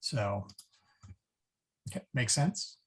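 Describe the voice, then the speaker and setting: A man teaching a Latin lesson at an unhurried, deliberate pace. His voice is slightly husky, and his explanations come out haltingly, full of ums and restarts, with a chuckle at his own slips. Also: on the low side, fairly bright tone. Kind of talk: online class instruction.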